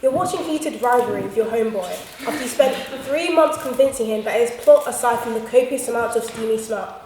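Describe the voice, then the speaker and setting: A woman's voice: sits high, a little mellow, slight background noise. A young woman giving a humorous debate speech with punchy, theatrical comic delivery. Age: young adult. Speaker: student debater. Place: debating chamber. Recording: echoey hall from far off.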